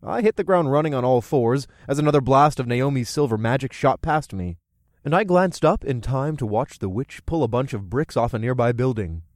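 A man narrating a first-person action audiobook with lively, expressive delivery. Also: medium pitch, brisk, no echo, clean studio sound.

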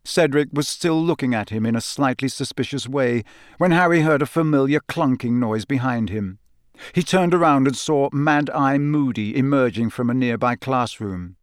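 A man's voice: medium pitch, no room sound. Man narrating an audiobook, dry and close. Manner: steady, measured storytelling. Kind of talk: scripted narration.

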